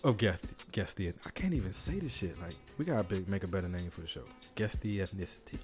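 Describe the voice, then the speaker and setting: A man with a fairly low voice hosts a casual podcast, reading out news articles and riffing on them with a joking tone. Faint music sits behind his voice. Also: very animated, fast talker, darkish tone. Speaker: podcast host.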